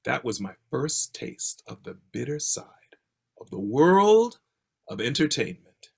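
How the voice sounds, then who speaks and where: Older guy telling a story on a video call, kinda husky, voice leaps up and down a lot. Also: measured pace. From Baltimore. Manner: expressive, theatrical delivery with swings in pitch and pace. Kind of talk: personal storytelling.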